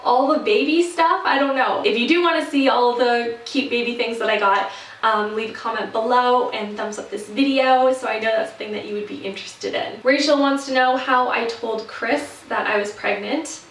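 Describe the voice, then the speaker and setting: A woman's voice: a little high, normal speed, a bit bright, recorded from a distance, a little hiss or hum. Chatty young woman in a roomy space. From Canada. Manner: chatty, rambling, many fillers and restarts. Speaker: vlogger. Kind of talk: casual pregnancy update vlog. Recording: roomy echo, voice set back from the mic.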